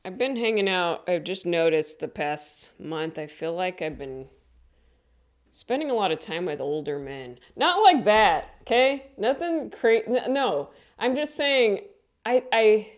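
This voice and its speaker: A woman's voice: mid-range voice, animated, unhurried. A woman comedian talking casually to the camera, chatty and rambling, often correcting herself and laughing along the way. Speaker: stand-up comedian. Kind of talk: casual vlog monologue.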